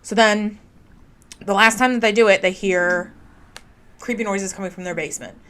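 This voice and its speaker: A woman's voice: mid-range voice, fairly even intonation, moderate pace, fairly bright tone. A woman co-hosting a podcast, retelling a true crime story in a chatty way, with lots of "like". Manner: chatty storytelling, heavy use of "like". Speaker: podcast co-host.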